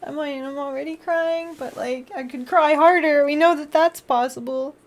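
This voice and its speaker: A woman's voice: high-pitched, fairly even intonation, normal speed. A woman streamer chatting casually on a live stream, bubbly, often gasping and laughing as she thanks her viewers.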